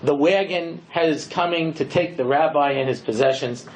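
A man's voice: a little high, poor audio. A man lecturing as a rabbi, telling a story in a conversational way and often saying "you know". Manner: animated storyteller, quickly acting out characters' lines.

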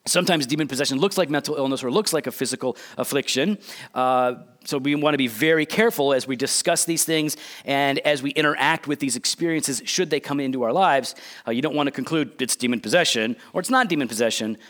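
A middle-aged man preaching a sermon, animated, with frequent restarts and asides to the congregation. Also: mid-range voice, fast talker. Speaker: pastor.

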